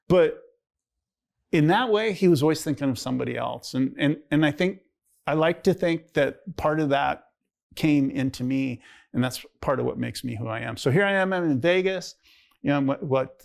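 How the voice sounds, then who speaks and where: An older man in his sixties speaks as a pastor telling his life story from the pulpit. His voice sits a little high with a gravelly edge, and he rambles conversationally, jumping up in pitch to act out remembered dialogue. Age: 60s. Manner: rambling, conversational, acts out quoted dialogue in a raised voice. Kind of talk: personal testimony storytelling. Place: church.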